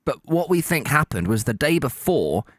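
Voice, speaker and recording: A man's voice: a little high, very animated, normal speed, a bit bright, no room sound, studio quality. A young man co-hosting a casual podcast, chatty and jokey as he tells his stories. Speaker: podcast co-host. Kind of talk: casual chat.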